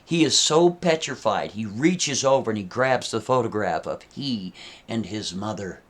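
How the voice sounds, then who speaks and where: A man's voice: fairly low pitch, animated, moderate pace. Chatty male storyteller with folksy asides. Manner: conversational, addressing listeners with asides. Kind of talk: casual spoken storytelling.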